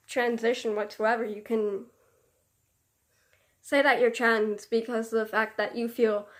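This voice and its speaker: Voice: mid-range voice, a bit bright. A young vlogger chatting casually to camera, rambling and searching for words with many fillers.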